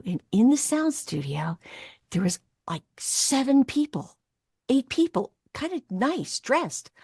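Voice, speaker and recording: A middle-aged woman, a voice actress and interview guest, telling a story in a lively way and acting out the voices of the people in it. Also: fairly high pitch, slightly rough, no room sound, clean studio sound. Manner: lively, acts out the voices of people in her story, laughs often.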